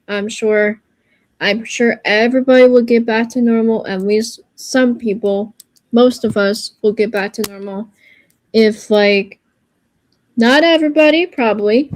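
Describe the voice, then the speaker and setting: Earnest woman streamer, higher voice. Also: a little mellow, dry recording. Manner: earnest and reassuring, rambling and searching for words. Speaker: livestreamer. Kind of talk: casual livestream pep talk.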